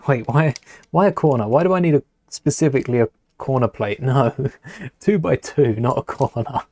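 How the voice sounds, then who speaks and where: A man chats loosely through a live stream while building, trailing off into mutters and then answering viewers. His voice sits at an everyday middle pitch. The sound is dry and close, with no room echo. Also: animated, normal speed, darkish tone. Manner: rambling, chatty, mutters to himself and greets chat.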